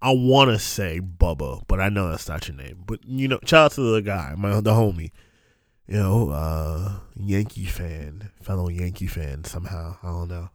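A man's voice: deep voice, animated, normal speed, no echo. A young man hosting a podcast, telling a story in a casual, profane, ranting way with frequent laughs. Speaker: podcast host.

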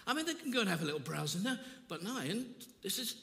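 Older male preacher, impassioned, repeats phrases; bright, forceful tone in a reverberant church hall. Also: high-pitched, very animated, fast talker, vocal fry. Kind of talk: sermon. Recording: long reverb of a large hall.

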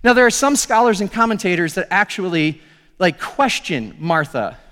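A male pastor giving a sermon, telling the story with animated acted-out dialogue. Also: sits high, normal speed, in a large hall.

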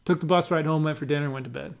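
Halting, chatty male race pilot. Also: on the high side, steady tone, vocal fry, clean tone. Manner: halting, many restarts and fillers, laughs while telling. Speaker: pilot recounting an air race event. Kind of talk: casual conversational recollection.

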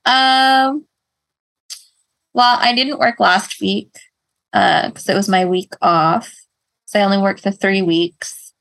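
A woman's voice: mid-range voice, steady tone, slow, gravelly, long pauses, fairly bright tone. A woman co-hosting a podcast, chatting casually, telling stories and laughing often. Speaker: podcast co-host. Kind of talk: casual chat.

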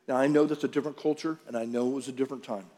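A man's voice: medium pitch, fairly even intonation, very fast, mellow. A man preaching a conversational sermon to his congregation in a church service, mixing scripture reading with jokes. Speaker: pastor. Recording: long church-hall reverb.

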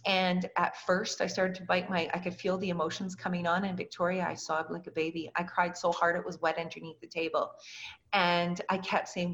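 Her lowish, slightly bright voice comes out flat and brisk as she, an interview guest, earnestly relates a personal story. She performs the voices of those she quotes. The audio is dull lo-fi.

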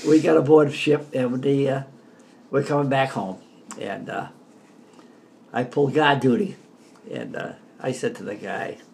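An older man from the Boston area telling stories about his army days in a casual, animated way. He laughs often and shouts out the lines he quotes. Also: medium pitch, unhurried, vocal fry, long pauses, a little hiss or hum. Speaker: veteran telling war stories. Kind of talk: casual storytelling.

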